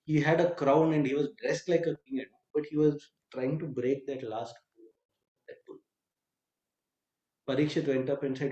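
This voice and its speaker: A man with a mellow, warm voice tells a scripture story as a lecture. He acts out the lines of each character and stops now and then with an aside. The sound is roomy and echoey. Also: a little high, fairly even intonation, normal speed, muffled recording. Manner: retells the tale with quoted lines and asides, some hesitant fillers. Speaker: spiritual teacher.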